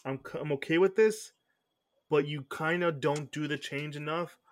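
In casual podcast chat, the male host uses a fairly high pitch and a moderate pace. He tends to ramble, fix what he's just said and start his sentences over.

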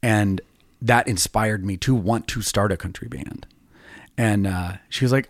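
A man's voice: on the low side, measured pace, no room sound, clean studio sound. A man in his fifties, a songwriter hosting a podcast, telling long rambling stories in a casual, self-deprecating way. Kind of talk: casual storytelling chat.

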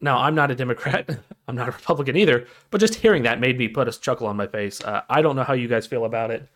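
A man's voice: medium pitch, fast talker, a bit bright. A man co-hosting a casual podcast chat, rambling and laughing at his own stories. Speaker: podcast co-host.

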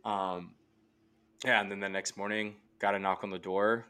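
A man's voice: lowish voice, flat delivery, moderate pace, sharp tone, clean tone. A man in his late twenties, a podcast guest telling a personal story in a rambling, earnest way full of "like" fillers. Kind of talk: casual storytelling. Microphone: remote call microphone.

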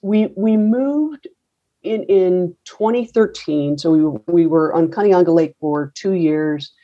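A woman's voice: lowish voice, slow pace, mellow, lo-fi sound. A middle-aged woman in a casual interview, telling her story in a rambling, wry way with many fillers and restarts. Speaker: coffee roaster and business owner.

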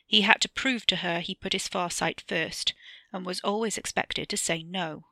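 A woman narrating her own short story aloud, measured and even. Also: on the low side, no echo. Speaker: author reading her story.

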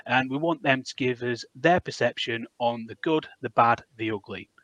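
A man's voice: mid-range voice, moderate pace, fairly bright tone, no echo, dull audio. A man with a Hull accent hosting a football podcast, chatty and matey as he bants with his guests. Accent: Hull, Yorkshire. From Hull, England. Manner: matey, laughs easily, banters. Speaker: podcast host.

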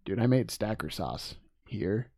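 A man co-hosting a podcast in casual chat, teasing and giggly, retelling movie scenes with lively energy. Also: fairly low pitch, measured pace, vocal fry, no room sound, studio quality. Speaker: podcast co-host.

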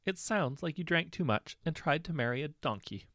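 A man's voice: fairly high pitch, animated, moderate pace, fairly bright tone, no room sound, clean studio sound, pitched above the performer's own voice. A man voicing a blunt, skeptical woman who mocks the prince. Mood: mocking.

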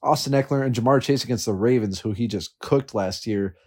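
A man hosting a fantasy football podcast, talking casually in a mid-range voice. He teases his friends with quick, joking banter. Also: medium pitch, darkish tone, slightly rough. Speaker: podcast host.

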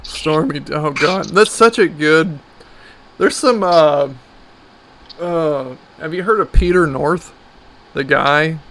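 A man with a slightly high voice and an unhurried, drawn-out delivery, trading crude jokes in casual chat. He rambles, restarts his sentences and laughs often. Faint noise sits under the recording. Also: a bit bright.

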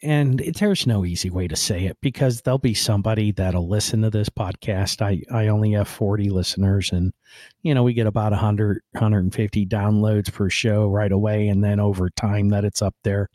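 A podcast host gives a blunt, rambling opinion monologue, swearing casually and then apologizing, peppering his talk with "right?" and "man." His voice is fairly low and dark with fairly even intonation at a normal speed, recorded in a clean studio with no echo.

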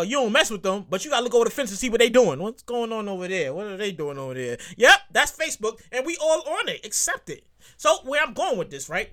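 A woman hosting her own show, ranting comedically in a profane, repetitive, animated way. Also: a little high. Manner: animated, profane, repeats lines for emphasis. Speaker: podcast host. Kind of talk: solo comedic rant.

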